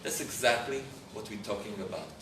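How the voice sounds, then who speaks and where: Animated rabbi in an echoey hall. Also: male voice, lowish voice, brisk. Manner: animated, often searching for English words. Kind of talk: storytelling lecture to a live audience. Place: lecture hall with audience. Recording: roomy hall, far mic, background noise.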